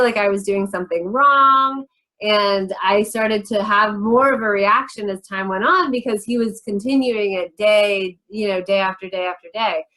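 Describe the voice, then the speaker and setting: A woman's voice: medium pitch, fairly bright tone, rough recording. A woman in her thirties hosting an interview, reflective and sharing personal stories. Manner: reflective, shares personal stories, quick asides. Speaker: interview host. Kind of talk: conversational interview.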